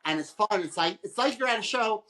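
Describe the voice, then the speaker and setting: A man's voice: high-pitched, expressive, quick pace, sharp tone, low-quality recording. A man on a podcast as a guest, chatting casually and rambling through stories, putting on voices for the people he quotes. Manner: rambling storyteller who acts out quoted people. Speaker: photographer. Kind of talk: casual chat.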